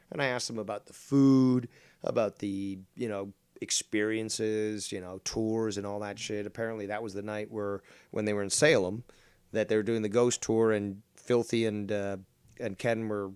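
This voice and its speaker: A man's voice: fairly low pitch, a little mellow, smooth, no echo. A man giving casual, rambling commentary on a stream clip, sarcastic and swearing freely.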